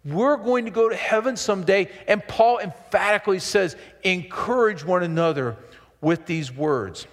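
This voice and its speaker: A middle-aged man preaches with a high, ringing voice, full of emphatic bursts and quick asides to his listeners. His words carry a long reverb through a church hall. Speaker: pastor. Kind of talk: sermon. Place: church sanctuary.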